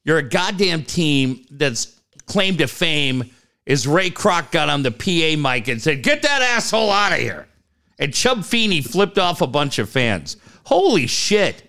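A man's voice: a little high, animated, a little slow. A man co-hosting a sports talk show, ranting sarcastically and swearing at fans. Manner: loud, sarcastic, swearing, mocking. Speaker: sports radio co-host. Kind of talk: profane sports talk rant.

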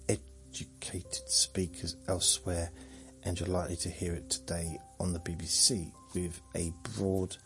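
A man hosting a sleep podcast, rambling through a monologue in a meandering, dry, self-mocking way. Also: low-pitched. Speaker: podcast host.

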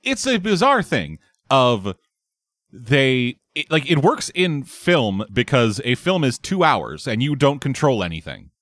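A man's voice: mid-range voice, a little slow, no echo, studio quality. A man in casual chat, bluntly and profanely tearing into a game. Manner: blunt, profane, animated critique.

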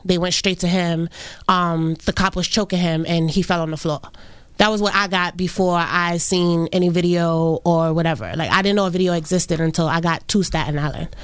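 A young woman, recounting a personal loss in an interview, halting and full of restarts. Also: on the low side, steady tone, smooth, no room sound. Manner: halting, many fillers and restarts. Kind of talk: emotional personal account.

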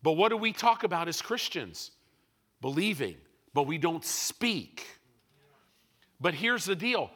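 Somewhat slowly, a man preaches in a bright, forceful manner, his high, animated voice rising and falling over a wide range. He switches between loud bursts and soft asides.

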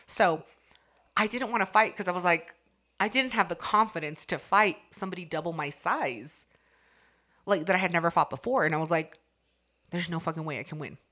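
A young adult woman casually telling a profane, animated story and acting out the people in it. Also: lowish voice, normal speed. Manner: profane, animated, acts out the voices in her story. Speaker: co-host.

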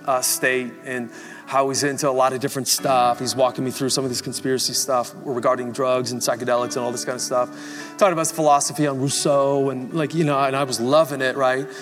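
A man's voice: medium pitch, a bit bright. A pastor preaching a live sermon to his congregation, telling a story and building to fervent emphasis. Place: large church hall before a congregation. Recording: live church recording with long reverb.

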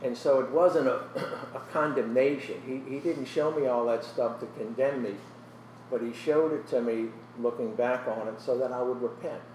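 Middle-aged man, earnest testimony, slips soft and emotional, echoey room with a distant mic. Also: mid-range voice, moderate pace, slight background noise. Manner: earnest storytelling, often drops to a soft, emotional voice. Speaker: guest sharing his testimony. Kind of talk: personal testimony in a Christian interview.

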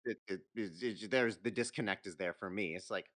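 Lowish-voiced man hosting a podcast chat. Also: fairly quick, fairly bright tone. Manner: easygoing, stammers and repeats words. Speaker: podcast host. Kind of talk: casual chat.

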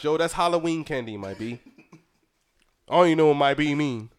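A man with a New York accent talks on a podcast in loose, joking banter, swearing and laughing as he goes. His pitch sits a little high, and his voice rises and falls a lot. His talk is relaxed and casual. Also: normal speed, clean tone. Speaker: podcast host. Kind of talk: casual chat.

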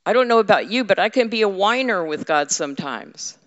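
A woman's voice: medium pitch, animated, brisk, hardly any pauses, a bit bright. A woman preaching a conversational sermon to her congregation, candid and humorous, teasing her listeners. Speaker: women's ministry leader and preacher. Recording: echoey hall, slightly dull sound.

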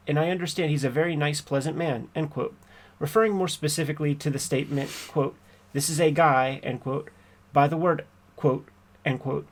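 A man playing a persistent trial attorney who cross-examines a witness in a measured, pointed way, reading from a court transcript. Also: a little high, lightly acted.

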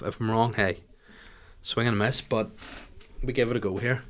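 A man's voice: mid-range voice, steady tone, brisk, pushed and bright. Rambling, sweary male podcast host. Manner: rambling, sweary, mocking banter. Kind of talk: casual comedic podcast chat.

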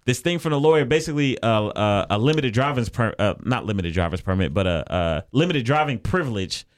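A man's voice: medium pitch, a little fast. A man co-hosting a podcast, telling a story in a casual way and acting out the people he quotes. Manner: animated, acts out the people he quotes. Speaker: podcast co-host.

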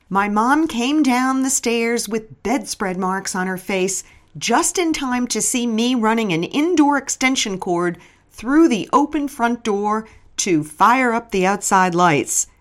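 A middle-aged woman narrating her memoir in a wry, storytelling manner. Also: fairly high pitch.

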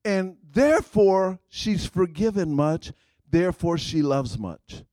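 A man with a high voice preaches a call-and-response sermon, pressing each point home by repeating phrases. He swings from ringing outbursts down to hushed lines. The sound is close and dry, with no room around it. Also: lively intonation, slow, dry recording. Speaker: guest preacher.

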